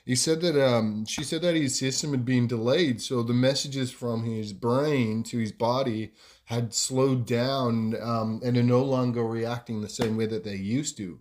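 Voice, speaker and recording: A man's voice: medium pitch, steady tone, a little slow, darkish tone. A man hosting a podcast, telling a story casually and rambling with lots of fillers. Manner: rambling, many fillers and "you know". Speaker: podcast host.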